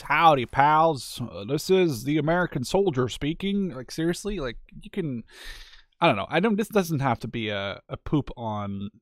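A man's voice: medium pitch, no echo. Rambling male gameplay commentator, dry sound. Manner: chatty, rambling, mildly ranting with many fillers.

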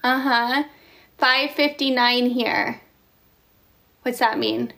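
Chatty high-voiced woman livestreaming. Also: steady tone, slow, gravelly, pushed and bright. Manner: chatty, reads viewer comments aloud, laughs often. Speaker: livestream host. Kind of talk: casual livestream chat, reading comments. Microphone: phone.

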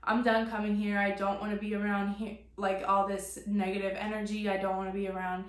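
A woman's voice: mid-range voice, flat delivery, a little fast. Chatty young woman in echoey room. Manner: chatty, many "like" fillers. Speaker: vlogger. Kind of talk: casual storytime.

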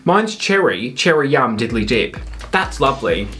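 A man's voice: mid-range voice, very animated, moderate pace, a bit bright, soft background music. A man from the United Kingdom with a British accent, co-hosting a casual candy-tasting chat as a drag queen, camp and sweary. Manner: camp, sweary, giggly banter.

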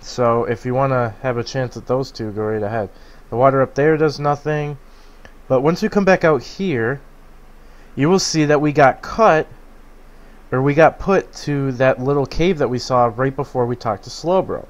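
Guy narrating his game playthrough, laid back and slow, lots of ums. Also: medium pitch, lo-fi sound. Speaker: gameplay commentator. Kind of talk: let's play commentary.

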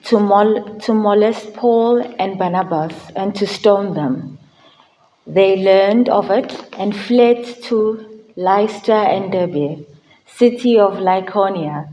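A woman reads scripture aloud as lector during a Mass in a chapel. Her delivery is slow and measured, with a mid-range voice and the odd small slip. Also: mid-range voice, warm tone, lo-fi sound. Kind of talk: liturgical scripture reading.

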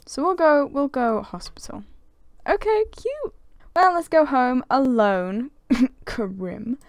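A woman's voice: high voice, expressive, takes it slowly, dry recording, studio quality. A young woman giving casual, giggly commentary over a life-simulation game she plays, gasping and exclaiming often. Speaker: gaming video creator. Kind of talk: casual let's-play commentary.

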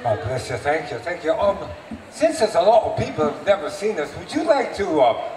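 A man performing at a renaissance faire, telling a joke to a live crowd in an animated, audience-addressing way. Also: a little high, moderate pace. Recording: echoey open air from far mic, noisy.

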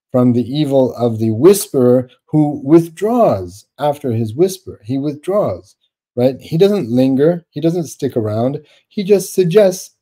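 A man's voice: medium pitch, mellow. A man giving a reflective religious lesson. He talks earnestly, repeats himself, keeps asking "right?", and weaves Arabic phrases into his English. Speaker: religious teacher.

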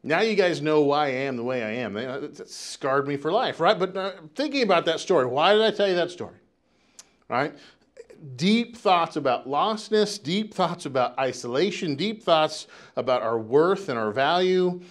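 A man's voice: on the high side, expressive, normal speed. A middle-aged American man preaching a sermon as pastor, talking in a loose, conversational way with lots of restarts and "right?" tags. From United States.

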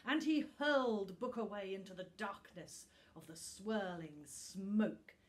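A woman reads a bedtime story aloud in a calm, gentle voice, letting dramatic pauses hang. Her delivery is slow and unhurried, with an ordinary middle pitch. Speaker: teacher reading a story.

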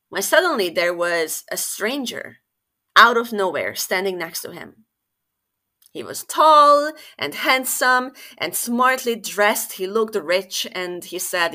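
A woman telling a fairytale on a podcast in an expressive, conversational way. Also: medium pitch. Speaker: storyteller.

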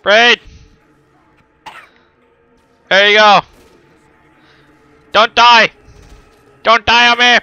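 A man's voice: very high-pitched, flat delivery, very slow, long pauses, pushed and bright, smooth, dry recording, highs cut off, faint music behind. A man streaming a game and chatting casually with a friend, laughing often as he talks. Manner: giggly, laughs often while talking. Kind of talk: casual gaming chat with a friend.

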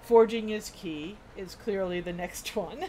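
A young woman streamer talks her way through a game in a loose, rambling way, often amused at herself. Her voice sits at a middling pitch. A faint hiss of background noise sits under it. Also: unhurried, mellow. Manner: chatty, rambling, self-amused. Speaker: gaming streamer. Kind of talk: casual gameplay commentary.

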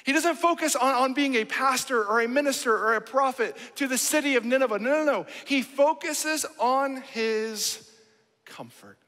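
A man delivers a sermon from the pulpit, emphatic and conversational, often turning to the congregation for a quick nod of agreement. His voice sits high for a man, and it rings out with a long reverb through the church sanctuary. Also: bright, forceful tone. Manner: emphatic, keeps asking the congregation "right?". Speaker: pastor.

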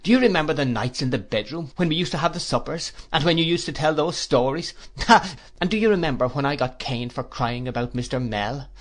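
An eager, good-humored young man with a modest manner, as a male audiobook reader voices him. He sounds lively and quick to laugh, raised a little above the reader's own voice, and speaks in a friendly, bouncy way. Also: on the high side, pitched above the performer's own voice, lightly acted. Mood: cheerful. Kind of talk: audiobook character voice.

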